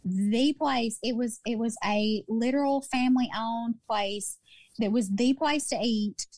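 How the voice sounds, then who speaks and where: A Southern woman with a fairly high voice tells stories on a podcast, chatty and animated, circling back to repeat her favorite lines. The sound is dry and close, with no room around it. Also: slow, no echo. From Mississippi. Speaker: podcast co-host. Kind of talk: casual storytelling chat.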